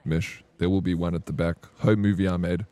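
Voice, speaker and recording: A man's voice: low voice, level tone, fairly quick, warm tone, no echo. A man in his thirties with a South African accent, chatting casually on a game livestream in a rambling, laid-back storytelling way. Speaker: streamer.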